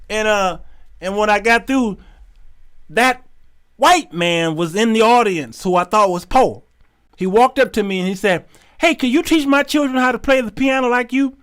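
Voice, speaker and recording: A man hosting his show, telling a comic story, animated and laughing often as he acts out the people in it. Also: sits high. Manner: animated, laughing often, acting out quoted voices. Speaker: show host.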